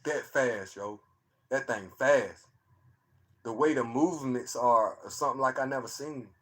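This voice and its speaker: A man, excitedly commenting on his own phone footage for a live chat, repeating himself and tossing slang asides. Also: medium pitch, unhurried. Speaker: streamer showing his own sky footage. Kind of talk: casual live-stream commentary.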